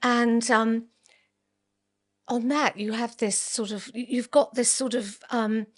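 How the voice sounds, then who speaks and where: A woman's voice: a little high, fairly even intonation, slow pace. Woman host asking questions. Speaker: podcast host. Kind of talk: casual interview chat.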